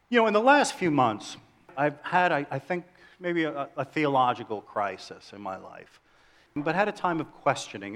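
A middle-aged man preaching a sermon in a church, animated, asking his listeners questions and joking with them. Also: mid-range voice. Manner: animated, asks the audience questions, jokes. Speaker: pastor.

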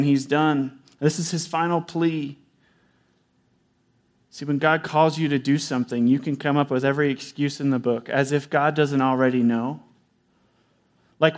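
A man preaching a sermon, animated, acting out God and Moses in quoted voices. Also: fairly high pitch. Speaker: pastor.

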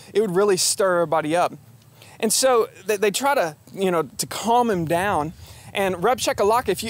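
A man preaching a sermon, retelling a story in a lively, casual way with humor and slang, often restarting his phrases. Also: sits high. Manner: frequent restarts and repeated words. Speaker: pastor.

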